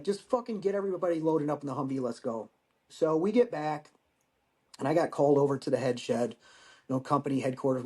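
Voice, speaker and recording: A man's voice: mid-range voice, mellow. An American man in his forties, a military veteran guest telling a story casually and bluntly, with plenty of swearing and acted-out dialogue. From United States. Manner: blunt, profane, acts out quoted exchanges.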